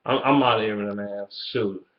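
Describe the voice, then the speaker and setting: A man's voice: on the low side, fairly even intonation, normal speed. A man ranting angrily about his team in a heated, profane fan vlog, repeating himself and swearing constantly. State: angry. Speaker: sports fan vlogger. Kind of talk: angry fan rant. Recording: roomy, dull lo-fi sound.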